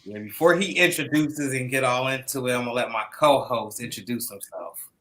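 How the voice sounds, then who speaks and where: Man, podcast host, bright forceful voice, slangy hype delivery. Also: medium pitch, fairly quick. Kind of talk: casual podcast hosting.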